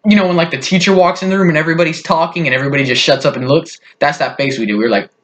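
A man's voice: mid-range voice, fairly bright tone. A man casually telling a funny family story on his vlog, rambling with lots of fillers. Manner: rambling, full of "like" and "you know". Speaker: vlogger.

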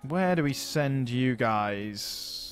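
A man's voice: medium pitch, expressive, drawn-out words, soft background music. A man hosting a strategy game let's play, casually thinking aloud and chatting as he plays.

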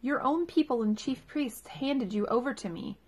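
A woman voicing a stern male Roman governor in a scripture reading, measured and questioning. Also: sits high, pitched above the performer's own voice.

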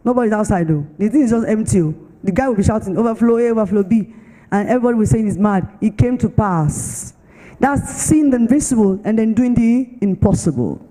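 A woman pastor with a Nigerian accent, giving a sermon with an animated, storytelling testimony in a church hall. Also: medium pitch, fairly quick. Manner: animated storytelling, acts out other voices. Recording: long church-hall reverb.

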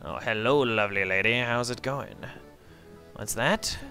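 A man's voice: medium pitch, unhurried, bright, forceful tone, soft background music. A man voicing a boastful, crude male pirate captain with brash, bawdy pirate talk.

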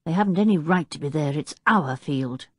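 A woman voicing a stubborn, quick-tempered boy who talks insistently and indignantly in an audiobook. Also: low-pitched, lively intonation, slightly rough, dry recording, studio quality.

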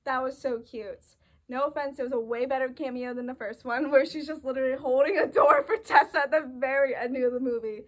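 A young woman with a high, bright-sounding voice chatting about a film she loved. She gushes and rambles, full of fillers and restarts. Her pitch leaps up when she gets excited. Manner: gushing, excitable, lots of fillers. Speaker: movie reaction host. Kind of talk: casual chat.

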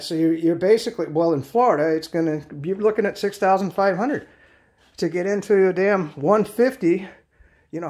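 Guy in his late 50s rambling on in a casual review, kinda high voice, blunt, swears a bit. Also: darkish tone. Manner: rambling, chatty, many fillers and restarts. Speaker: product reviewer.

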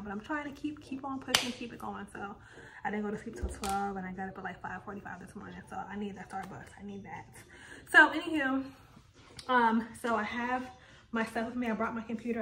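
A woman's voice: mid-range voice, a little hiss or hum, rough recording. A woman in her thirties chatting casually to her viewers in a rambling vlog. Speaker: lifestyle vlogger.

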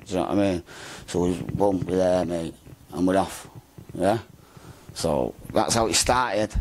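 A low-pitched man speaks unhurriedly as an interview guest, rambling through his story in slang and habitually repeating "mate" and "do you know what I mean." A little hiss or hum runs under the recording.

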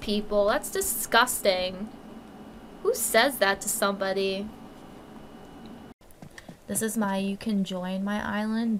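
A woman's voice: mid-range voice, sharp tone, slight background noise. A woman live streamer in casual chat with her viewers, cursing through crude mock rants.

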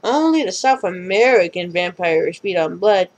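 A woman's voice: lowish voice, expressive, normal speed, pitched below the performer's own voice, poor audio. A woman reading aloud and voicing a group of small bats who lecture about themselves. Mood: explaining. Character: chatty bat colony, small creatures.

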